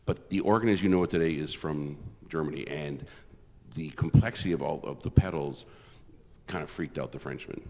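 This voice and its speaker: Long church reverb surrounds a Canadian concert organist as he delivers a casual, self-deprecating introduction with repeated restarts. His rumbling low voice moves fairly quickly and is creaky yet somewhat mellow, in a large church.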